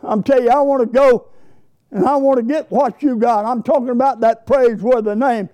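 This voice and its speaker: A man with a very high voice preaches a sermon at a brisk clip, keeping his intonation fairly even. He tells folksy stories and rises into exuberant bursts of praise.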